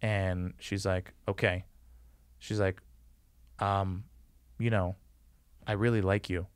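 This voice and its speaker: Low smooth-voiced man telling stories. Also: little pitch movement, slow, no echo, studio quality. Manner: rambling, many "like" fillers, acts out quotes. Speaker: podcast guest. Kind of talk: casual storytelling interview.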